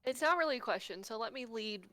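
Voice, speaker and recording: A woman's voice: a little high, fast talker, no room sound. Dry-sounding woman podcast host. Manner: animated storytelling, swears casually. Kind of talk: casual podcast chat.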